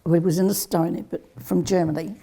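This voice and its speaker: A woman's voice: on the low side, fairly even intonation, fast talker, vocal fry, dark tone, slightly rough. An older woman recalling the past in a plain, matter-of-fact interview manner. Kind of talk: reminiscing interview.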